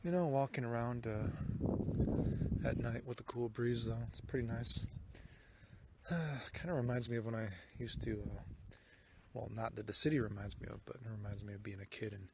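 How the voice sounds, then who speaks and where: A man's voice: mid-range voice, moderate pace, creaky, background noise. A young man vlogging while walking city streets at night, rambling and swearing, talking into a handheld phone. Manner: profane, rambling, lots of "dude". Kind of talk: casual vlog narration.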